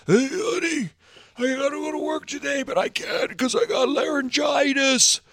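Man putting on a whiny croaky hungover guy. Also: extremely high pitch, fairly even intonation, normal speed, fairly bright tone, no room sound, studio quality, pitched above the performer's own voice. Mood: pleading. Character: hungover grown man faking laryngitis to his wife.

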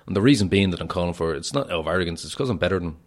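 Racing through his words in a low voice with lively intonation, a young Irish fighter brags brashly as a podcast guest. The chat is casual, and he laughs a lot.

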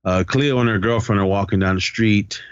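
Brisk and smooth, a man's voice on the low side comes through a dry, lo-fi recording. He's co-hosting a podcast for a casual movie recap, loosely narrating the film's story, profane, acting out the characters' dialogue.

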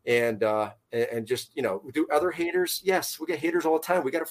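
A man's voice: fairly high pitch, expressive, brisk. A man who founded a fishing tournament trail, chatting casually on a podcast in a rambling way. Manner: rambling, many fillers and restarts.

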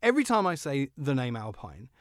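A man hosting a car podcast, joking and animated as he talks. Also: medium pitch, no echo, studio quality. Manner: animated, joking, quick-talking. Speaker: podcast host. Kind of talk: casual car podcast chat.

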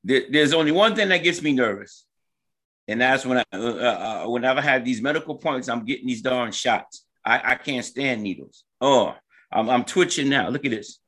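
A man's voice: medium pitch, a bit bright. A man who is a comedian and co-host, chatting casually on a talk show, joking and repeating his phrases. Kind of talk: casual radio show chat.

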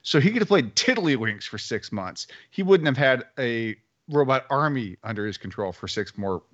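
Lively man arguing a point. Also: medium pitch, moderate pace, dull audio. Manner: argumentative, emphatic, repeats words. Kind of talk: casual podcast chat.

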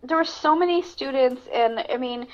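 A woman's voice: high voice, normal speed. A woman co-hosting a podcast, chatting casually about a film with lots of fillers and restarts. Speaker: podcast co-host. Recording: dull lo-fi sound.

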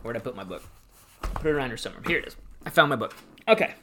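Male solo host, 40s, money talk; animated, sarcastic, easily fired up. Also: mid-range voice, racing, slight background noise. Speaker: retirement planning radio host. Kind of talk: casual solo talk show.

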